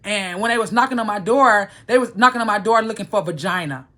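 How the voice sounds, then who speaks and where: A woman's voice: mid-range voice, fast, pushed and bright. A woman telling a personal story to the camera in a rambling, profane, heated way. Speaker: vlogger. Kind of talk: casual storytelling vlog.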